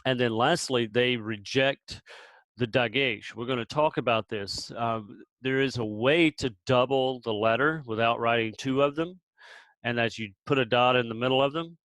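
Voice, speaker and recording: A man with a mid-pitched voice teaches Biblical Hebrew letters, patient and relaxed. He slows down to repeat sounds for his learners and often restarts his sentences. The recording is close and dry, with no room sound. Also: no room sound, poor audio. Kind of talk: explaining with pauses and restarts.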